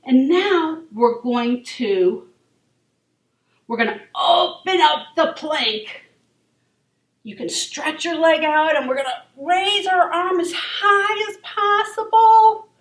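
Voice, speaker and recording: Woman children's yoga instructor, high-pitched and sing-song, unhurried; recorded far off in a reverberant room. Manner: encouraging, gentle and sing-song. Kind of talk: leading a kids' yoga class. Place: library room.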